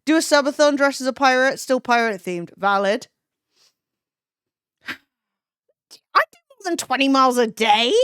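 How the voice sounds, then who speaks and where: A woman's voice: high-pitched, moderate pace, long pauses, a bit bright, clear, resonant tone, no room sound, clean studio sound. A young woman live-streaming, chatting casually with her chat, swearing freely and laughing often.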